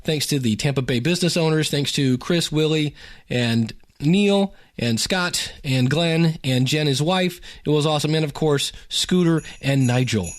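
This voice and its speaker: A man's voice: a little high, normal speed. A man hosting his podcast, talking in an upbeat, chatty and enthusiastic way. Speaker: podcast host. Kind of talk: casual podcast monologue.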